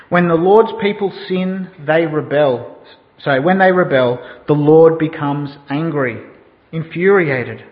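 A man preaching a sermon who tells a story and asks the listeners questions. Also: a little high. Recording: dull sound in a reverberant hall.

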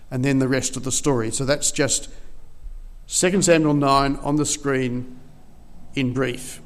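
Man preaching in a chatty storytelling way. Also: on the high side. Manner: conversational storytelling with frequent restarts. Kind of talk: sermon.

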